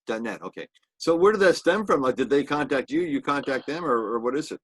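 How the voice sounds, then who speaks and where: A man with a husky voice and lively, swooping pitch asks an interview guest questions at a fast clip. His casual questions come tumbling out one after another. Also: no echo. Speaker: podcast co-host.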